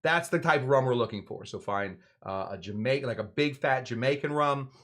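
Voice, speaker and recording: A man in the middle pitch range hosts a live drink-making show. He talks in a loose, wandering way, full of fillers and side stories. He cracks jokes and answers his own questions. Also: fairly quick, a bit bright. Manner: rambling and digressive, with many fillers and asides.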